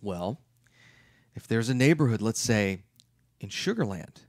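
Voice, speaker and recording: A middle-aged man giving an emphatic, lively talk as a real estate investment educator. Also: lowish voice, unhurried, no echo, studio quality. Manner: emphatic, acts out his clients' questions.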